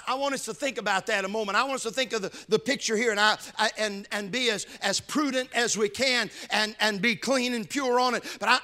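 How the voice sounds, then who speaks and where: A man preaching a sermon, swinging between loud shouted emphasis and hushed, low passages.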